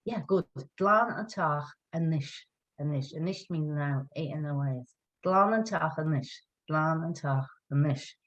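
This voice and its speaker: A woman's voice: deep voice, a little slow, poor audio. A woman teaching an online language lesson, patient and encouraging, spelling words out letter by letter.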